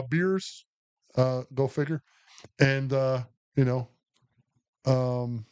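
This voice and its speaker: A man's voice: mid-range voice, darkish tone, clear, resonant tone. A middle-aged man, an Army veteran co-hosting a podcast, telling stories in a rambling way full of fillers. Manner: rambling, anecdotal, heavy with fillers. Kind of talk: casual storytelling chat.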